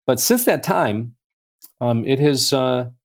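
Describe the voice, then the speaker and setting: A man talks through a faith discussion with a gravelly edge to his voice. He rambles warmly through stories, pausing often with fillers and starting sentences over. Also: medium pitch, expressive. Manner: rambling storyteller, many fillers and restarts; acts out voices in anecdotes. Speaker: guest speaker. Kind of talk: conversational faith talk.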